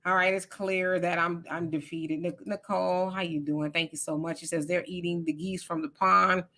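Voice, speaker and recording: Bright-voiced woman co-hosting a livestream. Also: on the low side, level tone, normal speed. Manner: reads viewer comments aloud, chatty and teasing. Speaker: livestream co-host. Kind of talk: casual live-chat commentary.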